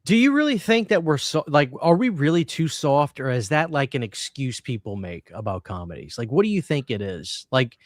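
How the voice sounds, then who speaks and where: A man co-hosting a live-streamed podcast, talking in a chatty, animated way and often cutting in on his guest. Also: medium pitch, normal speed, hardly any pauses, no room sound, clean studio sound. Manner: animated, chatty, talks over others. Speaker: podcast co-host. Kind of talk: casual live-stream chat.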